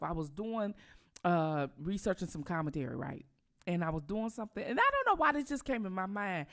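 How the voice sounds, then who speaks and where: A woman from Detroit with a Detroit accent, hosting casual commentary, emphatic and outraged, repeating herself for effect. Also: medium pitch. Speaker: commentary channel host.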